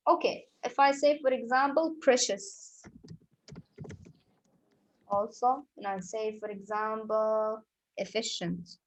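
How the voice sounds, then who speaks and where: A woman's voice: fairly high pitch, slow pace, pauses often, poor audio. Patient woman teaching English sounds. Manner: patient, repetitive explaining with examples. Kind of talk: phonics lesson.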